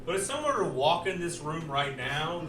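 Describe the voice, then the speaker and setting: A man performing a stand-up comedy set, animated, with loud acted outbursts. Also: a little high, brisk, background noise. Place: comedy stage in a poker room. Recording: roomy live club sound from far off. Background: audience laughter.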